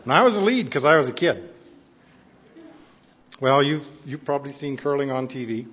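Older guy, husky, reminiscing to the church folks, earnest, big echoey hall. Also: medium pitch, lively intonation, moderate pace, a bit bright. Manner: earnest, fond storytelling. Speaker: church member addressing congregation. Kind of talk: reminiscing speech to a congregation. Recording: echoey hall, dull lo-fi sound.

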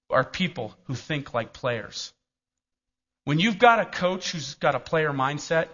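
A middle-aged man preaching a sermon in a church, telling stories and asking the congregation questions. His voice is bright and sits a little high. The recording is muffled and lo-fi. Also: lively intonation, a little slow, slightly rough. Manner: storytelling, asks the congregation questions. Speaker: pastor. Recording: dull lo-fi recording.

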